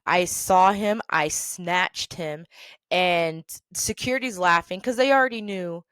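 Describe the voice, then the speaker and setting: A woman hosting her own show, telling a story in a casual monologue with animated, sassy delivery and big swings in loudness. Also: lowish voice, measured pace, clear, resonant tone, no echo. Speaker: storytelling host.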